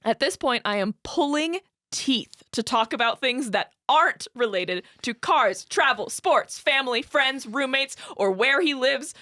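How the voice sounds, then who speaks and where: A woman podcast co-host reading a listener's story aloud, animated and laughing often. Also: high-pitched, unhurried, few pauses, no echo, studio quality.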